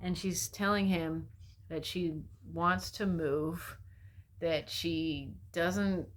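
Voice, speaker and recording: A woman's voice: fairly low pitch, a bit bright. A woman vlogger recapping a movie in a casual, rambling way, swearing freely and getting sarcastic.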